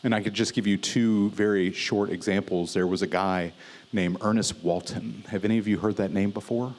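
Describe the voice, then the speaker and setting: A man with a fairly low voice preaches a sermon at a church service. His delivery is conversational and easygoing, with casual fillers and light humor as he teaches. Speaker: pastor.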